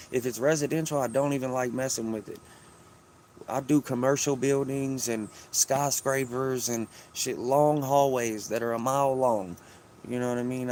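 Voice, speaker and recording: A man's voice: medium pitch, a little hiss or hum. A man chatting casually on a phone stream from home, rambling and swearing his way through a story. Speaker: vlogger. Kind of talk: casual livestream chat.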